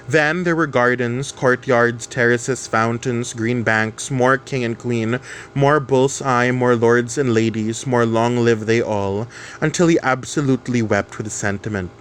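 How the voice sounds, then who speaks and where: A man's voice: medium pitch, a little slow, a bit bright, a little hiss or hum. A man reading a novel aloud and explaining it in chatty asides, with fillers and self-corrections.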